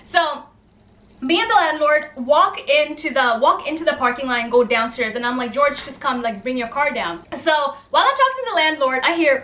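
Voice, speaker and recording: Animated young woman telling a story. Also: high voice, roomy sound. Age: young adult. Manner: animated, quick asides, acts out the dialogue. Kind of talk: casual storytime.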